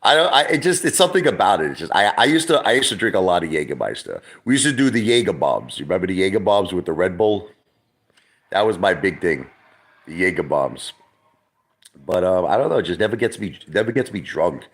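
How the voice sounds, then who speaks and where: A middle-aged New man with a very deep voice talks off the cuff on a livestream. His pitch leaps around as he rambles, curses freely and circles back over his own words. He comes across as loose and chatty. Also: very animated, fairly quick, fairly bright tone. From Brooklyn, New York. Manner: rambling, profane, repeats himself. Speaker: livestream host. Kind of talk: casual livestream chat.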